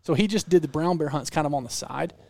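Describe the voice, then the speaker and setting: Gravelly Southern man telling hunting stories. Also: fairly high pitch, quick pace, no room sound. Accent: Southern American. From American South. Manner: animated, rambling, frequent restarts. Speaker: podcast guest storyteller. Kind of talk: casual storytelling chat.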